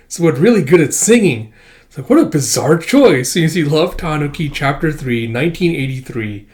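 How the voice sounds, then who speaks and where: A man's voice: fairly high pitch, expressive, normal speed, a little mellow. Chatty man reading a comic aloud. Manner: chatty, laughs often, frequent "it's like". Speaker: comic reader and commentator. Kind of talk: casual comic read-through with commentary.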